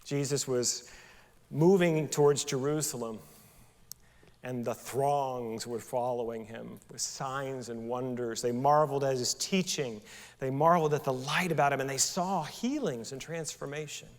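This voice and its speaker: A man's voice: medium pitch, measured pace. Conversational male pastor in an echoing church. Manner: conversational preaching with rhetorical questions. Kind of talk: sermon. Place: church sanctuary.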